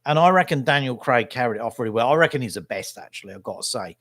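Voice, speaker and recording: A man's voice: mid-range voice, animated, fast talker, fairly bright tone, no room sound, clean studio sound. Chatty, opinionated middle-aged man. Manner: opinionated, chatty, keeps tagging "right?". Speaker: vlogger and local newspaper photographer. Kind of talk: casual rambling monologue.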